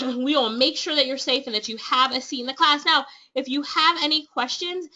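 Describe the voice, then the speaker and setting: A woman with a Jamaican accent hosts a webinar, pitching her class in an excited, persuasive way. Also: brisk. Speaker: online business trainer hosting a webinar. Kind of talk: upbeat sales pitch to webinar attendees. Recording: dull lo-fi webinar audio.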